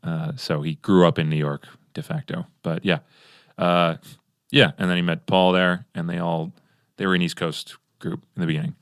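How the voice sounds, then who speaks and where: Low-voiced laid-back young man chatting. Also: fairly even intonation, moderate pace, smooth, dry recording, clean studio sound. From Los Angeles. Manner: laid-back, rambling with many fillers and restarts; does exaggerated impressions in anecdotes. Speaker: podcast guest. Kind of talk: casual conversation.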